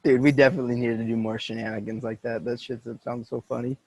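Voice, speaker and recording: Laid back podcast guy, mid pitch, chuckles through his stories, dry sound. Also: little pitch movement, fast, a little mellow, dry recording, low-quality recording. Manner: easygoing, chuckling, says "like" a lot. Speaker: podcast co-host. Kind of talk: casual chat.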